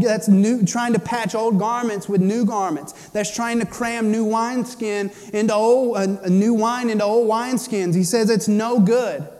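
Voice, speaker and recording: A man preaching a sermon to his church, swinging between loud passionate stretches and hushed, quiet ones. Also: high-pitched, long reverb tail. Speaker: pastor.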